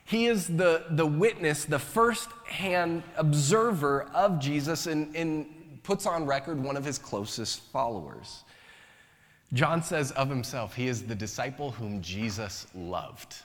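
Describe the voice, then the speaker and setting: A man's voice: a little high, expressive, a little slow, in a large hall. A man preaching a sermon as pastor, conversational and joking in his asides.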